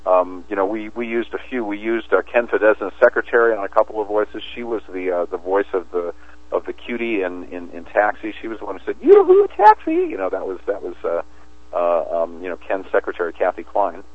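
A man's voice: sits low, fairly even intonation, brisk, no room sound. A man talking as an interview guest in a rambling way, with many restarts and fillers. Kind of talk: casual interview talk. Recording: tinny phone line, dry.

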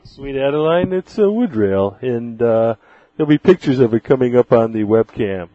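A man in his fifties co-hosting a casual podcast, cracking deadpan jokes. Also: medium pitch, normal speed. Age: 50s. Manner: deadpan joker. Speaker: podcast co-host. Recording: dull, dry lo-fi audio.

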